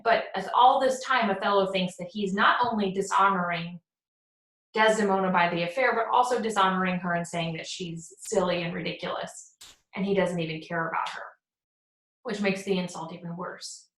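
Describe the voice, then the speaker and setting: A woman's voice: lowish voice, moderate pace, fairly bright tone. A woman teacher giving a conversational lecture, retelling a play and reading its lines plainly between explanations. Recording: echoey room.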